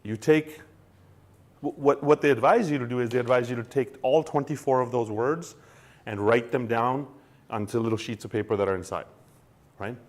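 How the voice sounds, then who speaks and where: A man hosting a casual explainer, talking in an animated way with many restarts and acting out quoted lines. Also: medium pitch, moderate pace. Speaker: co-host explaining crypto wallets.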